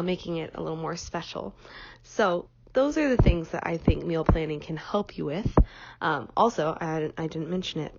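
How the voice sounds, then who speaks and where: Soft-spoken young woman, a bit nasal. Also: on the low side, no room sound, highs cut off. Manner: relaxed, frequent ums, conversational. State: slightly nasal from a cold. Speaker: podcast host. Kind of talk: casual solo podcast chat.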